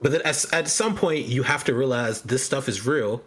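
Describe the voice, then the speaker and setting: A man's voice: medium pitch, moderate pace, fairly bright tone, breathy edge. A man co-hosting a casual chat show, voicing frank complaints and often repeating words. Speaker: podcast co-host.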